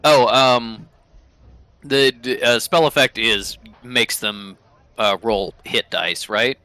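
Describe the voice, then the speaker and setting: Bright-voiced man running a tabletop game. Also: mid-range voice, slow pace, no echo. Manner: hesitant, full of ums, laughs at his own jokes. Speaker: game master.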